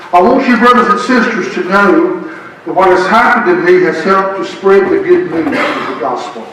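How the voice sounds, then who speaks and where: A man's voice: high-pitched, a bit bright, distant mic, a little hiss or hum. A man preaching a sermon and telling stories, joking with the congregation. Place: church sanctuary. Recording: echoey church heard from afar.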